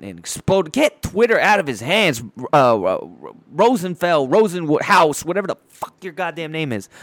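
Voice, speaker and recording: A man's voice: a little high, no echo. Profane ranting man, dry close sound. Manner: loud, crude, rambling, mocking. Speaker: podcast host. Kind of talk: profane sports rant.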